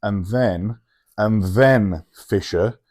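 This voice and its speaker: A man's voice: fairly low pitch, a little mellow. A man co-hosting a sports podcast, chatting casually and teasing his friend with sweary jokes. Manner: teasing, sweary, quick to joke. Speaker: podcast co-host.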